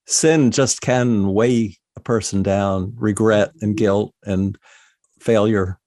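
A man hosting an interview, asking questions in a measured, reflective way. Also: on the low side, steady tone, darkish tone, dry recording, studio quality. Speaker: interviewer host.

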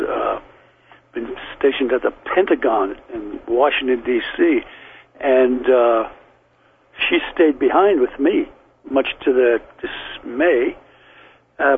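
An older man with a Liverpool accent, a guest recalling old memories at length in a rambling, anecdotal way. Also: medium pitch. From England. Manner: rambling and anecdotal, with frequent restarts. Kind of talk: telling memories in an interview. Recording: tinny phone line with faint hiss.

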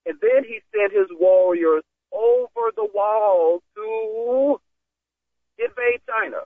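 A man co-hosting a political talk radio show, scornful and animated as he builds his argument with examples. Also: high voice, takes it slowly, no room sound. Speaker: radio co-host. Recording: tinny phone-like line, dry.

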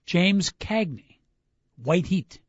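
On a casual sports talk radio show, a man with a high, expressive, husky voice quizzes his co-host on movie lines, drawing out his words as he reads them aloud. He's upbeat and laughs easily. The studio sound is dull and dry, with no room sound.

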